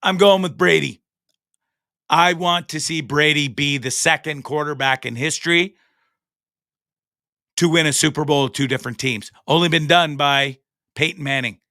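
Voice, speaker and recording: Fired-up Canadian man ranting, bright voice. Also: on the high side, no room sound, studio quality. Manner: angry, profane, repetitive, fired up. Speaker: host. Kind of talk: impassioned solo rant. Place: studio.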